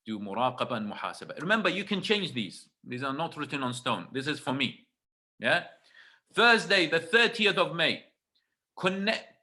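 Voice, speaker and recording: A man's voice: fairly high pitch, sharp tone. A man giving a religious talk on a video call, emphatic and repetitive, checking in with his listeners. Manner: emphatic, repeats phrases, asks the audience "right?". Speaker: webinar speaker.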